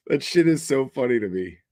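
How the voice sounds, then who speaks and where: A man's voice: medium pitch, vocal fry, warm tone, no echo. A man hosting a casual reaction commentary, profane and mocking, laughing often. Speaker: host.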